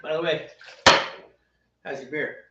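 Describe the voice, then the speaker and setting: A man's voice: on the high side, a little slow, roomy sound, lo-fi sound, heavy background noise. A man co-hosting a homebrewing video, joking and teasing his friend in casual chat. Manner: teasing, playful, animated. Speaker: homebrewer co-host. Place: garage at a friend's house.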